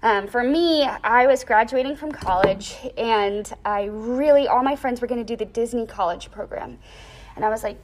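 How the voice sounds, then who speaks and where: A young woman in a casual interview, telling a personal story with lively acted-out quotes and lots of "like". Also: on the high side, brisk. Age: young adult. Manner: animated storyteller, acts out quoted voices; frequent "like" fillers.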